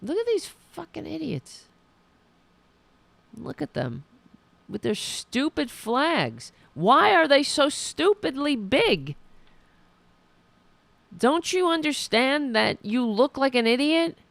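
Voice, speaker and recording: A woman's voice: high-pitched, very animated, slow pace, vocal fry, pauses often, a bit bright, no echo. A woman podcast host giving sarcastic, mocking live political commentary and reading viewer comments aloud.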